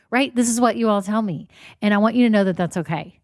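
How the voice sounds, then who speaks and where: A woman's voice: medium pitch, quick pace, no room sound, clean studio sound. A woman hosting a solo business podcast, talking candidly and encouragingly to listeners, often saying y'all and voicing their worries. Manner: says y'all. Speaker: podcast host and business coach.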